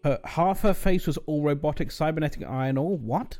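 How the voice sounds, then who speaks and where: A man's voice: a little high, expressive, fairly quick, mellow, faint music behind. A man streaming a game, chatting casually with joking, rambling asides. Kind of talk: casual gaming commentary.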